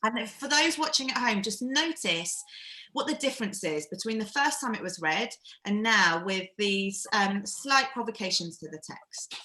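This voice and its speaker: A woman leads a live-streamed acting workshop, coaching in a chatty, encouraging way. Her voice is bright and forward. She sounds echoey, as if on a video call from a bare room. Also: mid-range voice, animated, normal speed.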